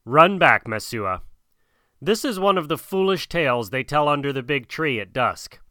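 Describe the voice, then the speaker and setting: A man's voice: on the high side, expressive, normal speed, sharp tone, no room sound. A man voicing a proud young boy raised in the jungle, speaking in a commanding, scornful way.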